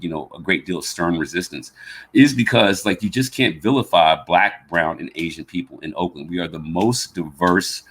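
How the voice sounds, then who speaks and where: Husky man with a slight Southern drawl. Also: low-pitched, a bit bright. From American South. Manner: rambling, repeats words while gathering thoughts. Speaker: podcast host. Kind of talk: casual conversation.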